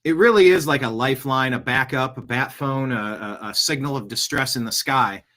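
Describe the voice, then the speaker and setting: A man's voice: mid-range voice, moderate pace, pushed and bright. A man hosting a casual news podcast, talking in a loose, rambling way with jokey asides and restarts. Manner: rambling, jokey, slips into silly voices. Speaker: podcast host.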